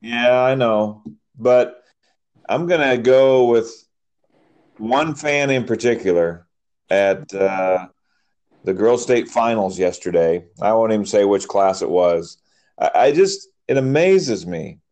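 A man co-hosting a podcast, animated as he tells referee stories and mimics yelling fans. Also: lowish voice, takes it slowly. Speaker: podcast co-host, soccer referee. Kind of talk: casual chat.

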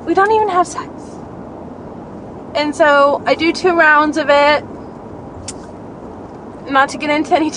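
Young woman vlogger, high voice, swears a lot, rambling story told from a car with faint traffic behind. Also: rough recording. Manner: profane, rambling, animated storytelling. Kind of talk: casual storytelling while driving. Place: car on city streets.

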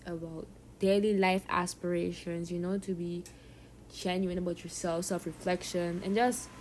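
A young woman from Saint Martin with a softened Caribbean accent, chatting casually and rambling on her solo podcast, laughing often and dropping slang. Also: mid-range voice, a little hiss or hum. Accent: Caribbean, softened toward a general English. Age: young adult. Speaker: podcast host.

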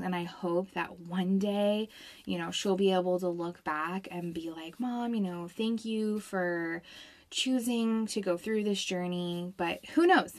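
A woman in her thirties, a homeschooling mother, talking casually and reflectively to the camera, thinking aloud as she goes. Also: medium pitch. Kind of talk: casual vlog talk.

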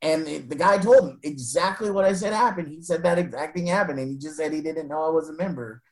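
A man's voice: fairly high pitch, low-quality recording. Earnest man telling a painful story. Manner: earnest, halting, with frequent restarts and soft laughs; retells exchanges by voicing both sides. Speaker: interviewee telling a personal story. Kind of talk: emotional first-person storytelling.

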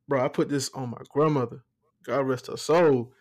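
Relaxed young man joking. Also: medium pitch, moderate pace. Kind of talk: casual storytelling chat.

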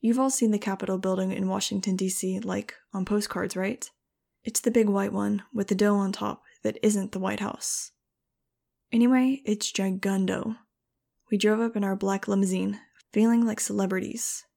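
A woman's voice: mid-range voice, flat delivery, normal speed, vocal fry, dark tone. A woman reading a first-person audiobook in a wry, casual storytelling manner. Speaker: audiobook narrator.

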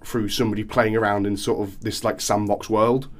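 A man in casual film chat on a podcast, animated and acting out quoted reactions. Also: lowish voice, fairly quick.

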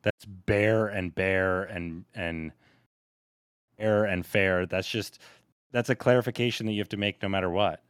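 Smooth low man asking pointed questions. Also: steady tone, measured pace, fairly bright tone, no echo, studio quality. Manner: quizzical, pressing with questions. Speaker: podcast co-host. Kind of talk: casual chat.

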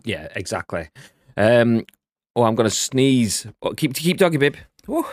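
A man's voice: medium pitch, big pitch swings, measured pace, no echo, clean studio sound. A man co-hosting a video game podcast, joking and bantering casually and swearing freely. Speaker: podcast co-host. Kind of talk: casual live-stream chat.

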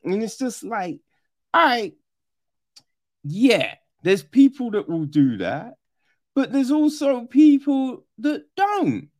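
A man talks through a film in a loose, profane review. His pitch swings widely and he takes his time. He often slips into mimicking characters. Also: slow pace, long pauses. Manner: animated, swears often, mimics characters in a high voice. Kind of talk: casual film review monologue.

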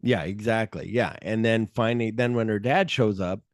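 A man's voice: on the low side, moderate pace, dry recording, studio quality. A man co-hosting a podcast, retelling movie scenes animatedly, acting out the quotes and swearing freely. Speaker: podcast co-host. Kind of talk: casual movie chat.

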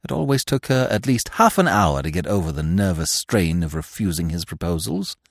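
A man narrating classic fiction in an expressive storytelling manner. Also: low voice, fairly quick, creaky, no echo, studio quality.

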